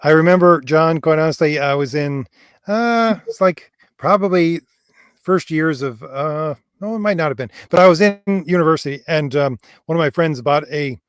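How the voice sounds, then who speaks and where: A man co-hosting a casual livestream chat, speaking earnestly and filling pauses with hesitations. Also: a little high, clear, resonant tone, dry recording, studio quality. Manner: earnest, fills pauses with um and quite honestly. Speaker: co-host and author.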